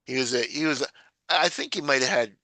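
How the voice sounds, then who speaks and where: A man's voice: fast talker, bright, forceful tone, no room sound. A man, rambling through stories in casual chat on a video call. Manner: rambling storyteller, mimics people in a high voice. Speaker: meeting participant.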